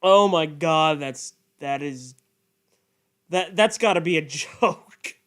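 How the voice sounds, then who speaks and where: A man's voice: fairly high pitch, slow pace, a bit bright. A man streaming a game with friends, cracking crude, sarcastic jokes in casual chat.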